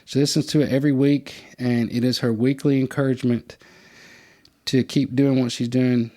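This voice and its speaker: Man telling stories. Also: normal speed. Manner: animated storyteller, acts out quotes in a higher voice. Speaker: podcast host. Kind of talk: casual storytelling chat.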